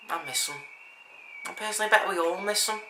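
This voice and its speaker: A man talking casually to camera, earnest and rambling, often restarting his sentences. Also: sits high. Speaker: vlogger. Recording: echoey room with faint background hiss.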